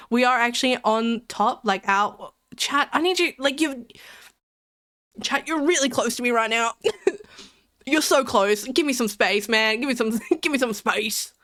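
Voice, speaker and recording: A woman's voice: mid-range voice, fairly bright tone, clean tone, dry recording, clean studio sound. A young woman streamer chatting casually with her chat, rambling and giggling between jokes.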